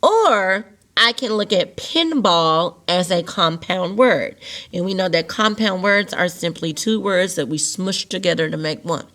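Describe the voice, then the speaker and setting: A woman's voice: on the low side, unhurried, fairly bright tone. A woman teacher patiently walking children through a phonics lesson step by step. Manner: patient, step-by-step explaining with rhetorical questions.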